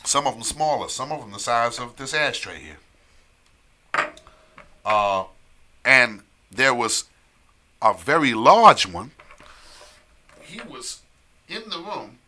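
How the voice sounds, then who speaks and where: A man telling a long story in casual chat on a live stream, animated, repeating phrases and laughing often. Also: mid-range voice, slow, long pauses, slight background noise.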